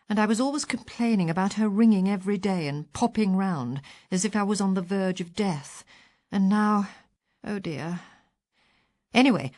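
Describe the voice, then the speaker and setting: A woman reading a first-person short story aloud with a wry, expressive delivery. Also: lowish voice, dry recording. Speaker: audiobook reader.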